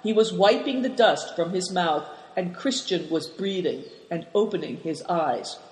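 Measured storybook narrator; mid pitch, long hall reverb. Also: animated. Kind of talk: storybook reading.

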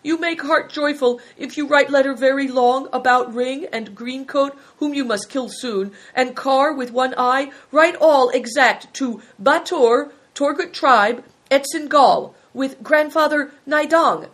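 A woman reading a story, voicing an earnest young rider who speaks halting broken English. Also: sits high, fairly bright tone, voice pushed up.

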